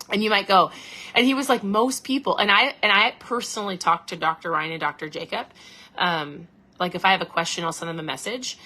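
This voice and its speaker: A woman chats on a casual livestream with a bright, forward voice. She talks in an animated, friendly way and answers viewer comments as they come in. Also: mid-range voice. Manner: chatty and animated, reads viewer comments aloud. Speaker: keto coach and livestream host.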